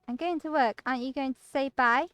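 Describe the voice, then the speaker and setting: A woman's voice: high-pitched, brisk, fairly bright tone, clear, resonant tone, faint music behind, pitched above the performer's own voice. A woman voicing a sweet, doting but controlling young woman from a visual novel, in a syrupy, fussing voice. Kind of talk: reading a visual novel aloud.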